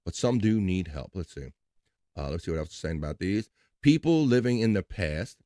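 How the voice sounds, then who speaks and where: A man's voice: low voice, expressive, moderate pace, warm tone, dry recording, clean studio sound. A man hosting a casual live stream, loose and playful, breaking into silly voices and sung bits. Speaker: livestream host.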